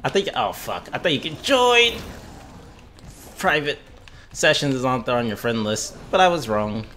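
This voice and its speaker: A man streaming a video game live, joking, swearing and shouting at the action as it happens. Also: medium pitch, unhurried, a little hiss or hum. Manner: excitable, swearing, jokey, yelling at the game. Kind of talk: live gameplay commentary.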